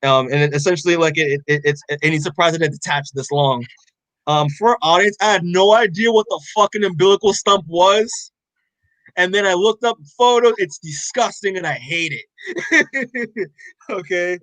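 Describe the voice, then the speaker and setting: A young man on a podcast, casually retelling a story in a loose, rambling way, full of filler words and frequent swearing. His voice sits a little high for a man. The sound is close and dry, with no room echo. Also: normal speed, a bit bright. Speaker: podcast co-host. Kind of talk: casual chat recapping a comic.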